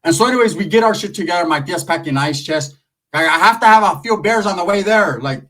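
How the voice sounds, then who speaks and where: A male comedian telling a crude comic story in a loud, rambling, slangy way. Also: sits high, lively intonation, quick pace, far from the mic. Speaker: stand-up comedian.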